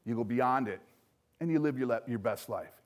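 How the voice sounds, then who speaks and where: An older man giving a motivational speech, emphatic, with loud punchy lines that drop to soft, low asides. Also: normal speed. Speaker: speaker at a recovery event.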